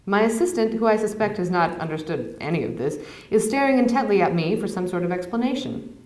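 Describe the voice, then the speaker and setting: A woman author reads from her novel at a university event, narrating in the first person with a measured, even delivery. Her voice sits at a mid pitch and rings out in an echoey hall. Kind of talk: literary reading aloud.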